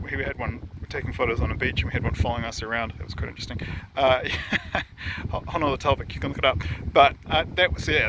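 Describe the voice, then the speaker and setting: Rambling man outdoors in wind. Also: mid-range voice. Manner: rambling, many restarts and asides. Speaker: vlogger sharing dreams. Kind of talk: casual outdoor vlog monologue. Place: outdoors on a windy hillside. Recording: wind noise on the mic.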